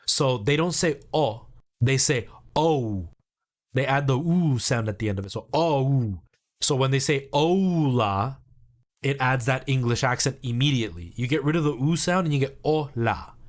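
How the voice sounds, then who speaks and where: Man, from El Salvador, game streamer, casual live chat, long explanations, average pitch. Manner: chatty, explains at length.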